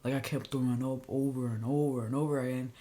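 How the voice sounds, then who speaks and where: A woman's voice: extremely low pitch, steady tone, fast talker, dark tone. Chatty young woman vlogger. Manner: chatty and candid, drops to a near-whisper when reliving stress. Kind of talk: casual personal storytelling to camera.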